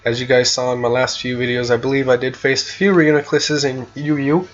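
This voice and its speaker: Male YouTuber, mid-pitched, easygoing and chatty, hiccupy, somewhat muffled recording. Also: fairly even intonation, fairly quick. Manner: laid-back, chatty, with fillers and little laughs. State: has the hiccups. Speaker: gaming YouTuber. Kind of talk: casual commentary on competitive play.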